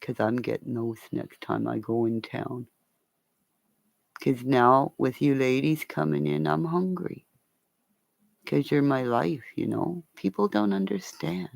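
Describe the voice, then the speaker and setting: A woman's voice: rumbling low, a little slow, gravelly, darkish tone, dry recording. A woman from Northern Ontario chatting on a livestream, rambling and swearing freely as she talks to her viewers by name and calls them darling. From Northern Ontario, Canada.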